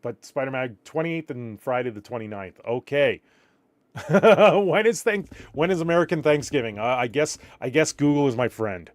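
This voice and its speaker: Tired guy rambling on his stream, reacting to chat, middle pitch, dry close sound. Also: lively intonation, normal speed, dry recording. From Canada. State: a little tired. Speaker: live streamer. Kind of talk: casual live-stream chat.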